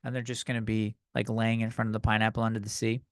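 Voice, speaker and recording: A man's voice: on the low side, monotone, fast, smooth, no echo, clean studio sound. A young man hosting a comedy podcast, ranting in a loose, profane, slightly tipsy way and a bit out of breath. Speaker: podcast host. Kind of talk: rambling comedic rant.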